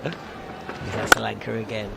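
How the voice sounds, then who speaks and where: A man's voice: lowish voice, monotone, a little slow, gravelly, very noisy. A man giving live ball-by-ball radio cricket commentary, chatty and wry.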